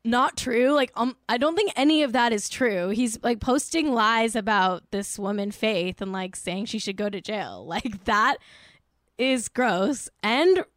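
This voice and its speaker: A woman's voice: fairly high pitch, expressive, measured pace, a bit bright, no room sound, studio quality. A woman giving exasperated, sarcastic commentary in a casual vlog, filling her talk with "like".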